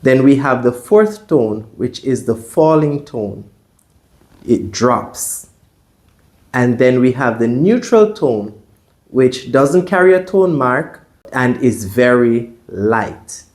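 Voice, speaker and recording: A man's voice: mid-range voice, animated. A man teaching a Mandarin pronunciation lesson, explaining the tones step by step and modeling each sound aloud for the learner to repeat. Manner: deliberate, models tones out loud. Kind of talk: slow, careful pronunciation lesson.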